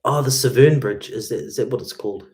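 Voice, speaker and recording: A man's voice: medium pitch, brisk, a little mellow. A man hosting a guitar livestream, chatting casually with viewers in a laid-back way, peppering his talk with "man" and "mate". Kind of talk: casual livestream chat reading viewer comments.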